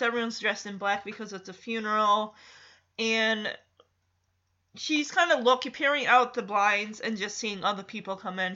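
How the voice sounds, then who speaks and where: A woman casually retelling a movie's plot, animated and acting out the characters' lines. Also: medium pitch, lo-fi sound. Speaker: film recap host.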